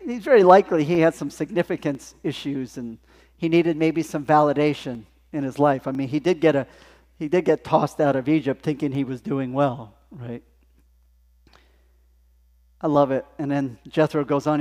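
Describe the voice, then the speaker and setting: A male pastor delivers a sermon in a chatty, storytelling way. His voice sits somewhat high for a man. A long church reverb trails after his words. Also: normal speed. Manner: conversational, animated storytelling. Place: church sanctuary.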